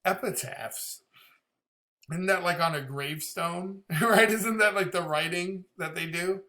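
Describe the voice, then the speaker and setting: A man talks through a song's lyrics in a loose, casual way, working out their meaning as he goes. His voice is bright and sits a little high. He laughs often and drops casual swears. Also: unhurried. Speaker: reaction video host. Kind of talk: casual song reaction commentary.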